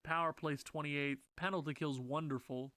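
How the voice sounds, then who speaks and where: A gaming YouTuber commentates on his own video game franchise season, reshuffling lines and addressing his players in exasperation. His voice is steady and sharp at a normal speed, but he swings into high, frustrated outbursts, with slight background noise present.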